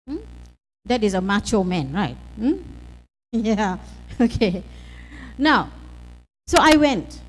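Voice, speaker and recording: A middle-aged Malaysian woman with a Malaysian accent, a bank chief giving a chatty, lively motivational talk to students, often checking in with "okay?" and laughing. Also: sits high, unhurried, pauses often. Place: university auditorium. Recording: reverberant auditorium.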